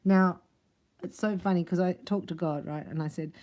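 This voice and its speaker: A woman giving a casual spiritual tarot reading, chatty and quick to laugh. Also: on the low side, fairly even intonation, a little mellow. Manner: chatty, laughs often, acts out other voices. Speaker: tarot reader.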